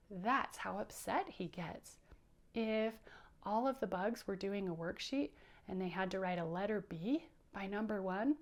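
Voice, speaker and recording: A young adult woman teacher giving an interactive read-aloud for children, bright and encouraging. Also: on the high side, creaky.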